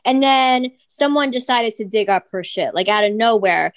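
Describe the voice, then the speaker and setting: A woman's voice: a little high, normal speed. A young adult woman co-hosting a podcast, chatting and gossiping casually, filling her talk with "like" and "you know". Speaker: podcast co-host.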